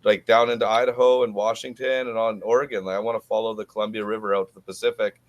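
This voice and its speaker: A man's voice: fairly low pitch, level tone, fast, dry recording. A man talking as a guest on a podcast, an easygoing storyteller who laughs easily. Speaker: podcast guest, gold prospector. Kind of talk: casual podcast interview.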